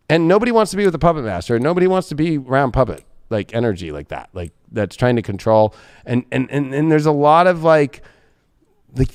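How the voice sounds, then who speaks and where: A man with a fairly high voice gives a live tarot reading from a studio. He rambles bluntly and swears constantly as he shuffles and reads the cards. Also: smooth. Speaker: tarot reader.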